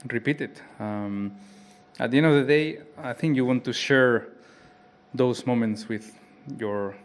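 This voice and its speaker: A man from Spain, a racing driver who speaks English with a Spanish accent, answering reflectively at a press conference, often restarting his phrases. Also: mid-range voice. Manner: halting, reflective, with frequent restarts.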